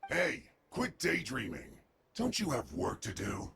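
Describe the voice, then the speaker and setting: A man voicing a gruff, scornful camp guard in a video game. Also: medium pitch, huge pitch swings, measured pace, pushed and bright, heavily acted. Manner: scornful, mocking.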